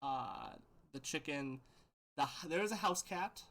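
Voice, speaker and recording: A man's voice: fairly high pitch, expressive, unhurried, a bit bright. A man running a tabletop game as game master, loose and laughing, with many fillers.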